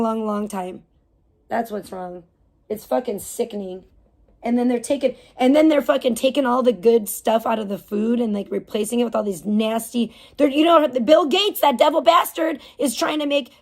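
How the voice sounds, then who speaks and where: A woman's voice: fairly high pitch, vocal fry. A woman livestreaming and reading her chat, ranting casually with heavy swearing, indignant and rambling. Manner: rambling with fillers and restarts.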